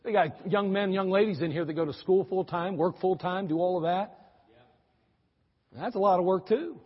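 A man with a high, husky voice preaches in a folksy, joking storytelling style and leans on repeated phrases. The sound is dull and muffled, with a long hall reverb trailing behind every line. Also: normal speed. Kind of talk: sermon storytelling.

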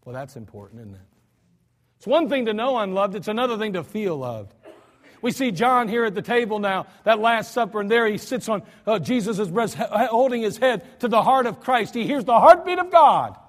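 An American male pastor preaching a storytelling sermon, swinging between soft asides and loud cries. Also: high voice, animated, normal speed. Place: church sanctuary. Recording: church hall reverb.

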